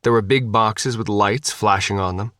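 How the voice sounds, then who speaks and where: A man narrating an audiobook with an animated, wry delivery. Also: fairly low pitch, normal speed, no echo, studio quality. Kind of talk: scripted narration.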